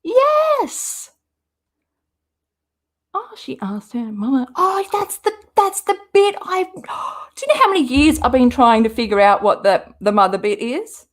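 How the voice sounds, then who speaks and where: A woman's voice: on the high side, animated, normal speed. An Australian woman hosting a livestream, chatting casually and rambling as she answers viewers' comments. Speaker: livestream host. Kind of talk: casual chat with live viewers.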